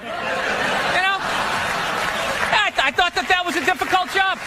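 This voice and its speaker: A man doing a stand-up comedy routine with sarcastic, deadpan mockery. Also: extremely high pitch, a little slow, a loud crowd, heavy background noise.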